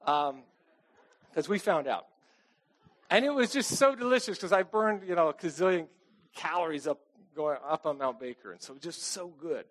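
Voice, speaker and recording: A man's voice: fairly high pitch, animated, normal speed, fairly bright tone. A middle-aged man preaching a casual, conversational sermon, chatty and self-deprecating, often asking the congregation "okay?". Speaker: pastor.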